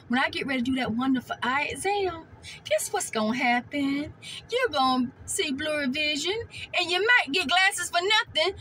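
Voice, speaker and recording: A vlogger with a high, bright voice chats casually in a mukbang vlog from a parked car, calling viewers "y'all" and "honey." The low-quality recording carries a little hiss or hum.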